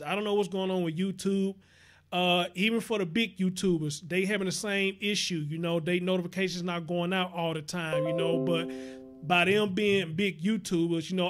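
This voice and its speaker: A young man hosting a casual livestream, chatty and earnest, reading viewer comments and giving shout-outs. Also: high-pitched. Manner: earnest preaching tone on serious topics. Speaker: livestream show host.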